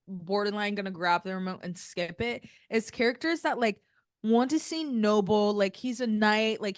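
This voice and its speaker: A woman's voice: mid-range voice, no room sound, studio quality. A young woman co-hosting a casual chat show, recapping a TV episode bluntly and with exasperation, with heavy fillers. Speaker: podcast co-host.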